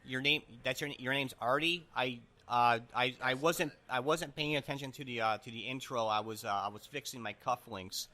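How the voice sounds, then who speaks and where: A man's voice: mid-range voice, moderate pace, few pauses, bright, forceful tone, close to an everyday voice. A man playing a rambling, self-important humanitarian guest who stumbles over his words in an improvised comedy podcast bit.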